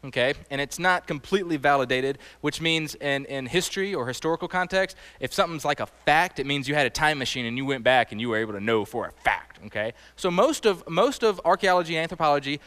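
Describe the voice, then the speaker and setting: Animated male preacher in a reverberant hall. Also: a little high, quick pace, few pauses. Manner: animated, conversational, quizzes the audience. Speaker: teacher. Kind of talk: sermon.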